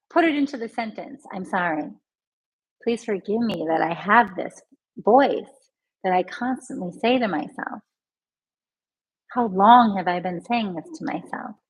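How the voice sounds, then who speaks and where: A woman with a slightly high, breathy voice leads a live online healing lesson. She speaks gently to her viewers and slowly repeats calming phrases. Her tone is soft and caring throughout. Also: rough recording. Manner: talks straight to viewers, reads their comments aloud. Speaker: emotional healing coach.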